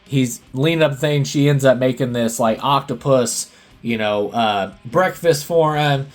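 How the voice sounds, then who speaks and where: A man's voice: mid-range voice, measured pace. A man hosting a casual movie podcast, retelling scenes in a rambling way full of fillers and laughs. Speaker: podcast host.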